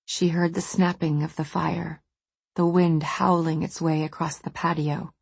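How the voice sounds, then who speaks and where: A woman narrating a novel in a calm, measured way. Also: sits low, creaky, slightly rough, dry recording. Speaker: audiobook narrator. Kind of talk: scripted narration.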